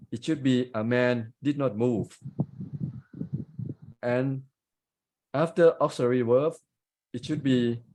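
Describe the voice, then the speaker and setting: A man's voice: mid-range voice, dark tone, rough recording. A man with a Thai accent giving grammar and pronunciation feedback as a club grammarian on a video call, explaining carefully with examples.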